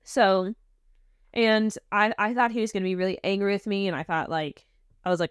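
A woman talking in a candid, chatty way as a podcast co-host, with a touch of self-deprecating humor. Her voice sits at a middle pitch. The recording is dry and close, with no room sound. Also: fairly even intonation, fairly quick, clear, resonant tone, dry recording. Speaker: podcast co-host, flight instructor. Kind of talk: casual chat.

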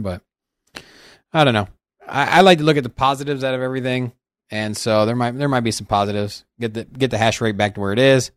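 A man's voice: mid-range voice, dry recording. Cohost guy mulling over crypto, kinda hesitant, lots of restarts, dry mic. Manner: hesitant, thinks aloud with restarts. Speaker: podcast co-host. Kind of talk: casual crypto market chat.

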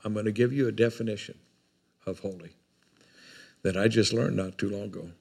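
Folksy older preacher. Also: male voice, lowish voice, a little fast, gravelly, a little mellow, breathy edge. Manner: folksy, rambling, repeats words. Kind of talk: sermon.

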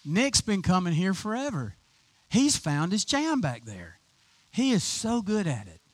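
A man's voice: high voice, huge pitch swings, measured pace, dry recording. A man preaching an informal, chatty sermon to his congregation as their pastor, enthusiastic and full of restarts. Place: church sanctuary.

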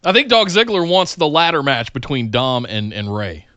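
Man, podcast co-host, joking, bright tense tone, dry close sound. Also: medium pitch, dry recording, dull audio. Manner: joking, quick interjections. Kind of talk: casual wrestling chat.

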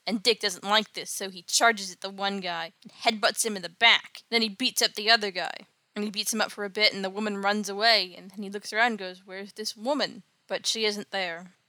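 Bright-voiced woman recapping a comic. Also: mid-range voice, steady tone, fairly quick, no echo. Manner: wry, sarcastic asides. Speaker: podcast host.

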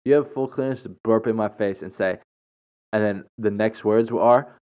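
A podcast host with a voice on the low side tells a story at normal speed in a casual, rambling way. His speech is full of fillers, restarts and chuckles, and the recording sounds dull and lo-fi.

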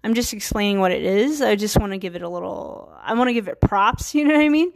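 A woman's voice: mid-range voice, animated, fast talker, vocal fry. A woman in her thirties, from Virginia, hosting her own podcast and talking casually with many fillers and restarts. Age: 30s. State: a little tired. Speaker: podcast host. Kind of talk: casual solo talk.

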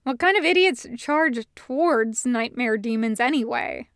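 A no-nonsense magical girl heroine, voiced by a woman, who speaks plainly and briskly. The voice sits high and smooth, and the room is dry and close. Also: lively intonation, a bit bright, no room sound. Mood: blunt.

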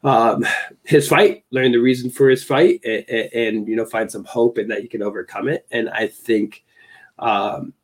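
A man in casual podcast chat about a film, pausing often with fillers as he works through his thoughts. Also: mid-range voice, fairly even intonation, slightly rough. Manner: hesitant, heavy on fillers. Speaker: podcast co-host or guest.

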